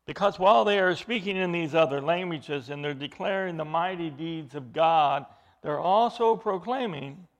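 A man preaching an expository sermon, emphatic, with his voice rising into loud bursts. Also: fairly high pitch.

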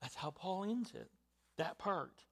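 A man with a high voice preaches a sermon at an unhurried pace. His delivery swings from hushed, nearly whispered phrases to loud, emphatic declarations. He stresses key words and puts questions to his listeners. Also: sing-song, gravelly.

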